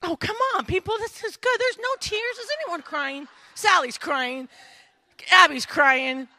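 A woman preaching an animated sermon, acting out scenes and talking straight to her audience. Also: very high-pitched, measured pace. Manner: dramatic, acts out scenes, addresses audience directly. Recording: echoey hall.

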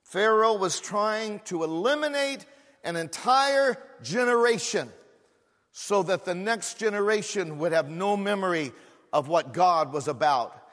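A man's voice: high-pitched, animated, measured pace, fairly bright tone. A man preaching a sermon as a pastor, repeating phrases with growing fervor. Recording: echoey hall with long reverb.

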